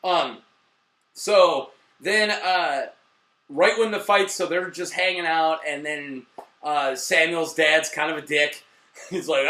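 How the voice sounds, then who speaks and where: Male reviewer host, high bright voice, swearing, rambling, excitable, roomy echo. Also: takes it slowly. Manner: excitable, profane, rambling with fillers and mock voices. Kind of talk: casual video review chat.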